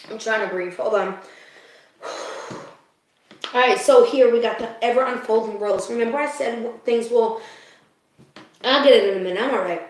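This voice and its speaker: A woman's voice: on the high side, normal speed, long pauses. A woman giving a live spiritual card reading to her viewers. She talks emotionally and confidingly, laughs often, and keeps checking in with the listener. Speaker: spiritual reader. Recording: very echoey room.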